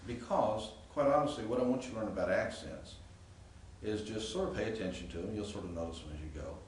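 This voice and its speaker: This Greek professor's grammar lesson is relaxed and explanatory, punctuated by check-ins with students. His voice runs on the low side at a quick pace, picked up far from the mic in an echoey room with faint hiss.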